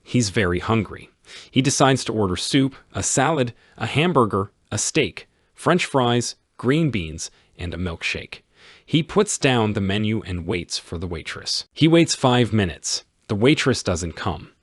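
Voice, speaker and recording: Guy reading a simple english story, husky low voice, lots of ups and downs. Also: very animated, measured pace, no echo, studio quality. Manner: clear, emphatic storytelling. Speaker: story reader.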